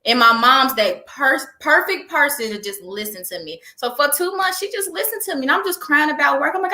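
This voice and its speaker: A young woman, a guest, chatting in an interview with an animated storytelling manner. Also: sits high, a little fast, hardly any pauses, reverberant. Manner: animated storyteller, laughs often. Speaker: guest, entrepreneur. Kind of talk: casual interview chat.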